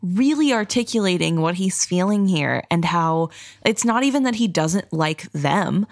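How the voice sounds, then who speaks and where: A woman's voice: fairly low pitch, no room sound, studio quality. A woman co-hosting a book podcast, talking about the story in a chatty, empathetic way. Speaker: podcast co-host. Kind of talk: casual book discussion.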